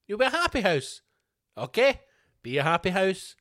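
A man's voice: high voice, big pitch swings, moderate pace, a bit bright, no echo, studio quality. A Scottish man hosting a podcast, delivering a sweary, mock-outraged comedic rant. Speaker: podcast host. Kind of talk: ranting comedic podcast monologue.

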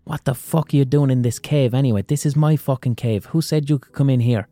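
A volatile, wounded lion in a fable, stubborn and quick to swear, as a man puts him on. The voice is mellow and dry, close to the mic. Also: medium pitch, no echo, lightly acted. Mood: furious. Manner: swearing, defensive outbursts.

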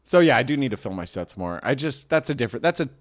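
A man's voice: medium pitch, sing-song, fast. A young man, a comedian and podcast host, telling a rambling, self-mocking story in casual chat.

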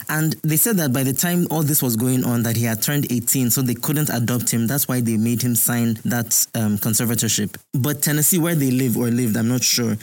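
A man's voice: medium pitch, normal speed, darkish tone. Emphatic Nigerian man hosting a podcast. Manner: emphatic, preachy, repeats points for stress. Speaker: podcast host. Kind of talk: solo commentary podcast.

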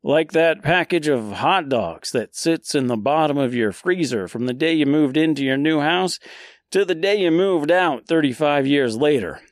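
A man hosting a podcast, retelling a classic poem in a casual, jokey way and dropping into quick silly voices for the characters. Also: a little high, expressive, dry recording, studio quality. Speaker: podcast host.

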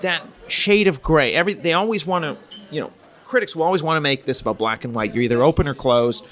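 Fairly high-pitched and fairly bright, a middle-aged Canadian man who teaches politics answers an interviewer's questions. His measured explanations come with thinking aloud, fillers, and restarts.

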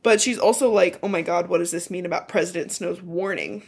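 A woman's voice: on the low side, brisk, creaky, husky. Congested woman casually retelling a book. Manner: chatty, loose retelling with swearing and asides. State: congested, stuffy nose. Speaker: podcast co-host.

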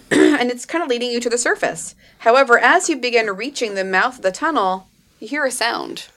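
A woman's voice: on the high side, brisk, fairly bright tone. Woman narrating a tabletop game. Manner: chatty, casual narration with fillers. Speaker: game master.

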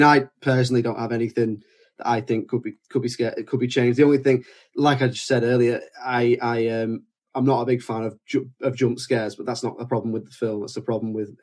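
A man's voice: mid-range voice, darkish tone. A man hosting a casual film podcast, asking his co-hosts questions and talking with many hesitations and restarts. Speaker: podcast host.

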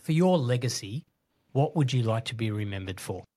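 A man's voice: medium pitch, animated, moderate pace, mellow. A man hosting a podcast interview, upbeat and curious as he wraps up the episode. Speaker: podcast host. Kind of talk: casual interview chat.

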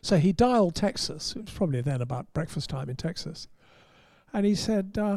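An English man tells motorsport anecdotes in a wry, rambling way, often breaking off to restart a phrase. His voice sits a little high but sounds warm and mellow. The recording is dry and close. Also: animated, normal speed, no echo. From England. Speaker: motorsport journalist. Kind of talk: casual anecdote on a podcast.

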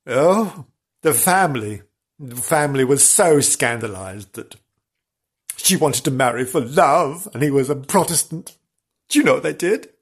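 Brief: man hosting a comedy history podcast, husky voice, lively rise and fall, gossipy and theatrical. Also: mid-range voice, measured pace. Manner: theatrical, gossipy, mock-dramatic. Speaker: podcast host. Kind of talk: comic storytelling.

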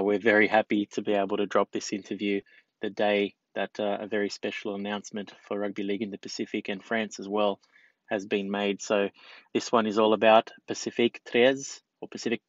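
A man's voice: lowish voice, little pitch movement, brisk, no echo, dull audio. A man hosting a sports podcast in a casual, enthusiastic, friendly way. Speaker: podcast host.

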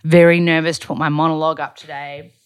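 Australian woman, young adult, low voice, chatty rambling vlog talk, full of fillers, dry close sound. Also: flat delivery, quick pace, smooth, no echo. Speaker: vlogger. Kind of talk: casual vlog chat.

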